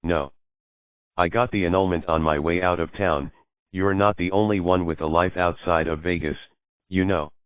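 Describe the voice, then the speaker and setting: A man's voice: sits low, fairly even intonation, moderate pace, smooth, no room sound, natural voice. A man voicing a defensive, evasive young man who sounds exasperated. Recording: dry, phone-like lo-fi audio.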